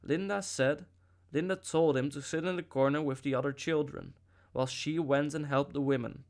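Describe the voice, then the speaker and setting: A man narrating a novel as an audiobook reader, with a steady storytelling delivery and occasional slips. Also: a little high, normal speed.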